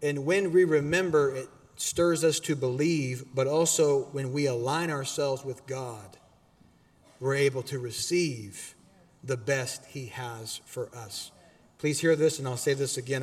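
A man preaching a sermon as pastor in a church auditorium, animated and exhorting, with casual asides to the congregation. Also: medium pitch, long reverb tail.

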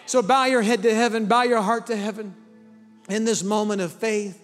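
Male pastor, high-pitched and fervent, sermon into altar call, recorded in a reverberant hall over soft music. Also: normal speed. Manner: impassioned, rising to near-singing fervor. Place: large church hall with congregation.

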